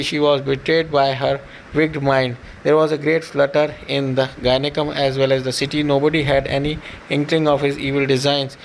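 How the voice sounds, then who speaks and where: A man reading a scripture translation aloud in a halting way, with restarts and fillers. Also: a little high, creaky, slight background noise, low-quality recording. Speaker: scripture reciter and teacher.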